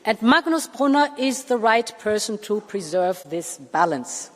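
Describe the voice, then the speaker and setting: A woman in her sixties delivers a formal political speech with measured emphasis and deliberate pauses. Her voice sits at a middle pitch. It carries the long reverb of a large parliament chamber. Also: big pitch swings. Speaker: Commission president addressing parliament.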